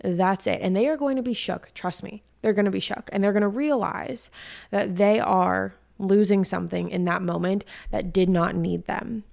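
Gravelly-voiced young woman chatting. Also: mid-range voice, normal speed, a little mellow. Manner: chatty, slangy storytelling. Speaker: podcast host. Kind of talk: casual chat monologue.

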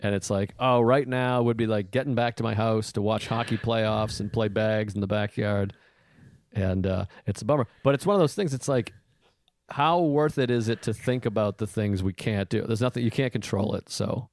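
A man's voice: lowish voice, normal speed, darkish tone, no room sound, clean studio sound. A man with a Boston accent hosting a podcast, rambling and self-deprecating in casual chat. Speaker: podcast host.

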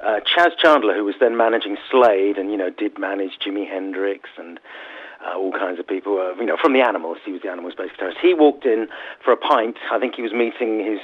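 A man's voice: lowish voice, fast, slightly rough. A middle-aged man from Sussex, a musician guest telling chatty, self-mocking stories in an interview over the phone. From Sussex, England. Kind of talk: interview anecdotes. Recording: tinny phone line.

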